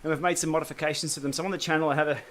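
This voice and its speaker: A man's voice: fairly high pitch, fairly even intonation, very fast, a bit bright. An Australian man hosting a casual cycling livestream, chatting and answering viewer comments while he pedals on an indoor trainer. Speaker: cycling channel host.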